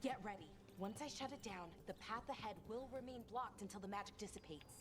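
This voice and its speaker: An actress voicing an eager young woman scholar in a video game, explaining lore with quick excitement. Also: medium pitch, noisy background, natural voice. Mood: focused.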